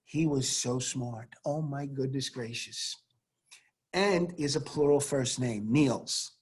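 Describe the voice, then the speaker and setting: Animated male teacher, husky voice. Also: medium pitch, takes it slowly. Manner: animated, theatrical, rhetorical questions. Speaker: science teacher. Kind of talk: classroom lecture over video call. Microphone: video call.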